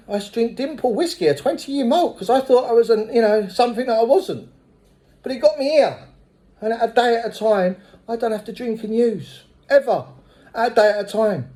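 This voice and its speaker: A middle-aged man with a blunt, swearing manner, telling his recovery story at a meeting as a lively storyteller. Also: sits high. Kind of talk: personal recovery testimony.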